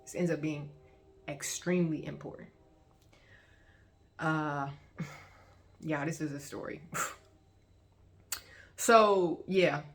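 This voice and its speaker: A woman's voice: low voice, slow pace, pauses often, slight background noise. A woman casually telling her own story to viewers in a chatty, colloquial way, often breaking into laughter. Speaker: vlogger sharing her testimony.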